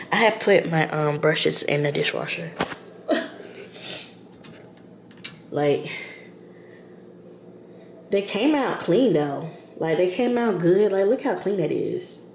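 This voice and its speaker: A woman with a fairly low, creaky voice vlogs casually from her home kitchen, rambling in slangy, chatty talk to the camera and calling her viewers "y'all" and "girl." The room echoes and there's background noise.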